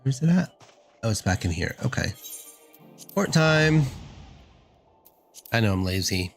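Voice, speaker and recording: A man's voice: fairly low pitch, big pitch swings, unhurried, creaky, soft background music. A man casually commenting on a game as he plays, chatty and self-deprecating. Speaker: gaming streamer.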